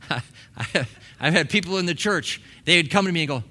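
A man's voice: fairly high pitch, lively intonation, moderate pace, long pauses, sharp tone. A man in his fifties, a pastor preaching a sermon in a church in a casual, conversational way, acting out little quoted exchanges. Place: church sanctuary.

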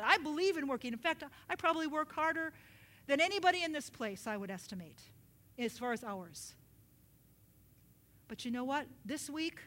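High-voiced woman preaching with earnest warmth. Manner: earnest, animated preaching with soft whispered prayers. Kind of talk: sermon.

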